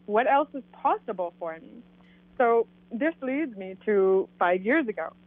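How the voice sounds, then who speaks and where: A woman's voice: fairly high pitch, a little slow, no echo. Woman telling her story over a phone line. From Canada. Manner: animated, acts out quoted dialogue. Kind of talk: casual storytelling. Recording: tinny phone line, dry.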